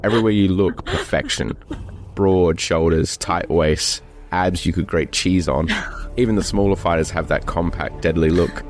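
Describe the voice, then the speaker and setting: A man with a very deep voice narrates a fantasy scene, playful and vivid. His lines are scripted and his delivery is even. Faint music runs under him. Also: normal speed. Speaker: game master narrator.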